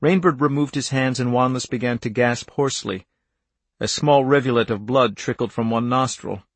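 A man with a gravelly, mid-range voice reads an audiobook at a steady, measured pace. The recording is close and dry, with no room sound at all.

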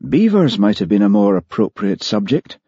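A man voicing an affable, playful gentleman with a genial manner. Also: lowish voice, big pitch swings, moderate pace, husky, no echo, muffled recording. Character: affable, teasing older gentleman.

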